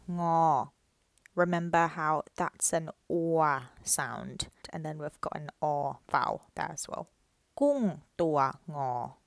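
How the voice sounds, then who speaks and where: A woman teaching Thai tones, explaining slowly and modelling each word in a louder, raised voice. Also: fairly low pitch, no room sound.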